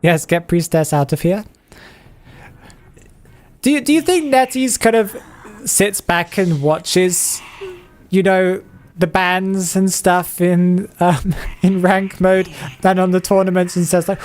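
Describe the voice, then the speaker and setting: A man's voice: high-pitched, slow, long pauses. A man streaming live game commentary, chatty and casual, putting on a playful made-up accent and rolling his R's. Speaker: streamer commentating viewers' matches.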